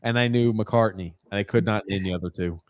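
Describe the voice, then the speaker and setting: A man's voice: fairly low pitch, fairly quick, no echo. A young man hosting a podcast, casually reading viewer comments aloud and laughing often. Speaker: podcast host.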